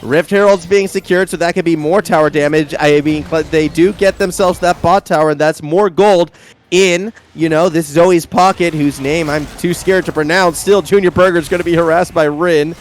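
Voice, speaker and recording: An Australian man casts an esports match with animated, chatty play-by-play and jokey asides. His voice sits a little high for a man. A faint background hum runs under the commentary. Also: normal speed. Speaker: esports caster.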